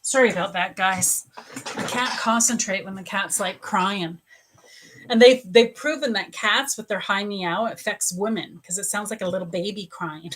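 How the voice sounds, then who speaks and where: A woman psychic medium giving a live reading at home, gently sympathetic, halting with pauses and fillers. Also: medium pitch, slightly rough. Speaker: spiritual coach and psychic medium. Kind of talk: live psychic reading answering viewers' questions.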